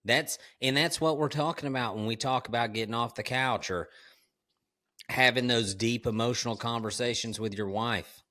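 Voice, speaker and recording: A man's voice: mid-range voice, normal speed, pushed and bright. A man hosting a podcast in casual conversation, emphatic and candid, calling his guest "dude". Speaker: podcast host.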